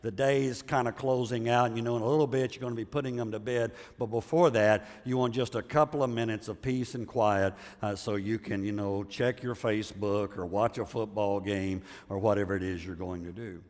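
A man's voice: on the low side, fairly even intonation, fairly quick, hardly any pauses, darkish tone, long reverb tail. A man preaching a sermon as a pastor, talking conversationally and often checking in with the audience. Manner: conversational storyteller, asks the audience for agreement.

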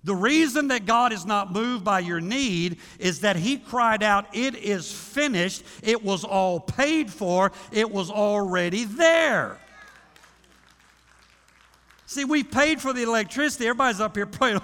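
Animated high-voiced preacher in a reverberant hall. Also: male voice, moderate pace, hardly any pauses. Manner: animated preaching, acts out voices of praying people. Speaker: pastor. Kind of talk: sermon. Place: church sanctuary.

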